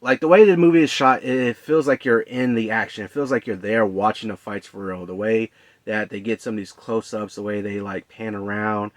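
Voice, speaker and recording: A man giving a casual, rambling movie review in a relaxed, conversational way, with many fillers and restarts. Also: fairly low pitch, moderate pace, no room sound.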